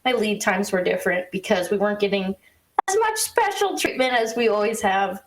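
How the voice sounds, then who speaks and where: A woman co-hosting a podcast, telling a story in a casual, animated way with quick asides and exasperated laughs. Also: mid-range voice, low-quality recording. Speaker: podcast co-host.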